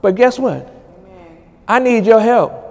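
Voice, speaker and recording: A man preaching a charismatic sermon as pastor, dropping to low murmurs and rising to high shouted commands. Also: expressive, measured pace, vocal fry, long reverb tail.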